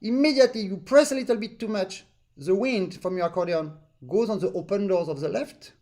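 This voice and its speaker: A man's voice: high-pitched, a little mellow. A man, teaching accordion technique over a video call. He explains patiently and sings out rhythms in short syllables to demonstrate. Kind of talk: online master class instruction.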